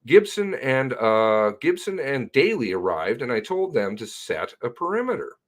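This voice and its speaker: Halting, animated police sergeant retelling. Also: male voice, medium pitch. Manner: halting, profane, self-correcting retelling. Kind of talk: recorded statement recounting an incident.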